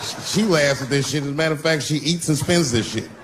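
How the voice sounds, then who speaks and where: Profane stand-up comedian in a noisy room. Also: male voice, fast. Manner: profane, swings between loud exclamations and low mumbles. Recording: noisy live comedy venue.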